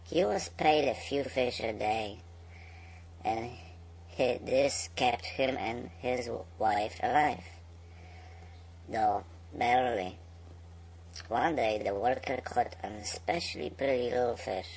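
A man reading a bedtime story aloud in a slow, unhurried way, with small slips. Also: mid-range voice, gravelly, a little mellow, a little hiss or hum, low-quality recording.

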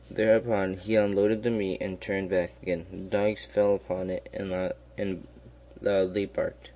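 A man reading a fairy tale aloud in a slow, even way, with small slips and restarts. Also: sits low, a little hiss or hum. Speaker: storyteller.

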